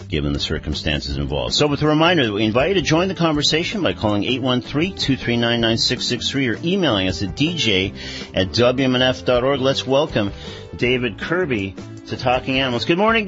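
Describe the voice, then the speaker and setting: A man hosting a radio talk show, measured and full of fillers. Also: fairly low pitch, fairly bright tone, dull audio. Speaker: radio host.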